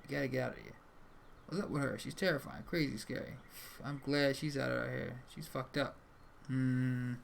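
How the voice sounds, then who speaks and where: A young man streams a game, swearing casually as he reads the dialogue aloud. His voice has a gravelly edge. Faint noise hums under the mic. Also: mid-range voice, fairly even intonation, normal speed. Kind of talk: live gameplay commentary, reading dialogue aloud.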